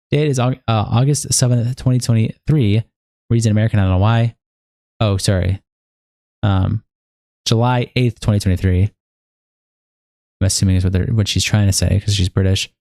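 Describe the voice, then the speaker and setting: A man's voice: on the low side, warm tone, no echo, studio quality. A young man livestreaming, reading a long document aloud in a casual, profane, sleepy way with bursts of hype. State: sleepy, yawning. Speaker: streamer.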